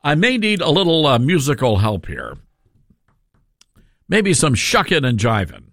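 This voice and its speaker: Animated gravelly talk radio host, man. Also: fairly high pitch, unhurried, no room sound, clean studio sound. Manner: animated, sarcastic. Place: radio studio.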